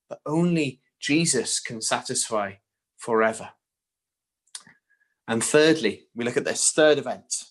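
A man's voice: medium pitch, fairly bright tone. A man preaching a sermon, earnest and direct, often posing rhetorical questions to his listeners.

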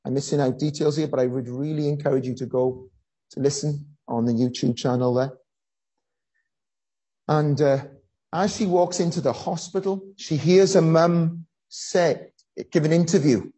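Preacher, sermon, earnest storytelling, pauses and fillers, mellow tone. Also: mid-range voice, breathy edge, low-quality recording.

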